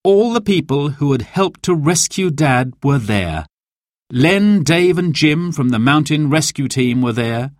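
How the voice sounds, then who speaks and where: A man narrating a children's storybook in a clear, expressive, deliberate way. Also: a little high, dry recording, clean studio sound.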